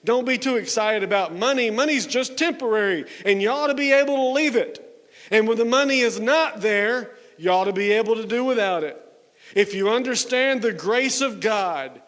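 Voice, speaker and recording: High-voiced male preacher in a reverberant hall. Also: normal speed. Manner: emphatic, dropping low and soft on key words. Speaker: pastor. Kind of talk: sermon. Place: church sanctuary.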